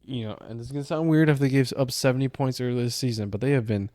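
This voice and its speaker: A man's voice: medium pitch, quick pace, dark tone, no echo, studio quality. A young man co-hosting a casual sports podcast, laid-back and swearing casually. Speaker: podcast co-host.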